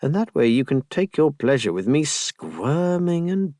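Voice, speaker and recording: A male audiobook narrator voicing a bold, shameless lover in a low, hushed murmur. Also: sing-song, measured pace, no echo, clean studio sound. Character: bold, shameless adult man lover, whispering. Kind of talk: audiobook character voice.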